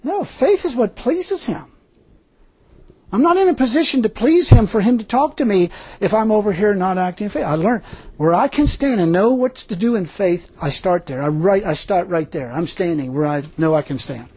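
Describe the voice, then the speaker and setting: Folksy older male preacher, high-pitched and husky, laughs a lot between points. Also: animated, moderate pace, mellow. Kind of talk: informal sermon.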